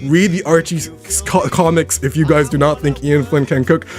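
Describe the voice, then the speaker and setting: A young man live-streaming from his home room, rambling excitedly to his chat with a slightly worn voice. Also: on the high side, normal speed, faint music behind. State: voice getting worn.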